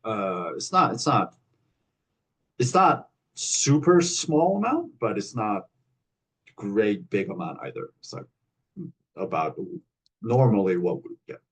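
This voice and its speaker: A man's voice: fairly low pitch, sing-song, slow, long pauses, breathy edge, poor audio. A man hosting a wine club tasting on a video call, talking casually with many fillers and restarts.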